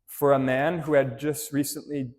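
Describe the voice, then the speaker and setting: A man's voice: medium pitch, little pitch movement, moderate pace, darkish tone. A male priest giving a homily in church, telling stories in a conversational way and often checking in with "right?". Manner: conversational storytelling, frequent "right?" tag questions; addresses children directly with simple questions. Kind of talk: homily to a parish congregation.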